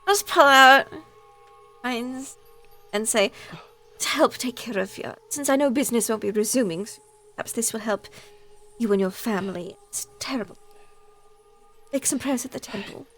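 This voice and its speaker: Female player, slightly high voice, playful in-character role-play. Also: normal speed, pauses often, a bit bright, faint music behind. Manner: playful, speaks partly in character as a rich mother.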